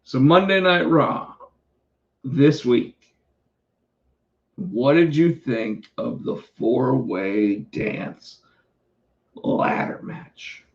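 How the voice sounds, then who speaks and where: Man, co-host, casual wrestling talk, rambling, hoarse, dull recording. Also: medium pitch, very slow, long pauses. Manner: rambling, many restarts and fillers. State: losing his voice. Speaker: podcast co-host.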